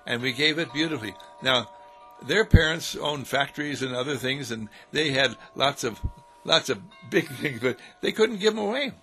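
Male inspirational preacher, gravelly fry, chuckling and repetitive, with soft music underneath. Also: medium pitch, expressive, moderate pace. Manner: repetitive, chuckling, sing-song cadence. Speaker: spiritual speaker. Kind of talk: inspirational sermon. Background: faint music.

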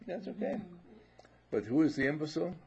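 A man giving a spiritual talk through an interpreter, speaking in simple, gentle, repetitive phrases. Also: a little high, expressive, fairly quick, vocal fry, breathy edge. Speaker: spiritual teacher. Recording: dull lo-fi recording.

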